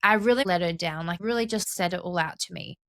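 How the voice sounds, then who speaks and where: Earnest woman podcaster, low, dry. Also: a little fast, gravelly, fairly bright tone, dry recording. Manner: passionate, earnest, peppered with tag questions like "right?" and "okay?". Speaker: podcast host. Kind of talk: reflective solo podcast monologue.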